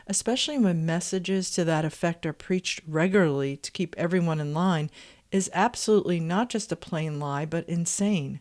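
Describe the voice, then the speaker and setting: Female host, lowish voice, reads forum posts aloud and cuts in with pointed, indignant asides. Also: darkish tone. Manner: sings chorus snippets. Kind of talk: reading aloud with commentary.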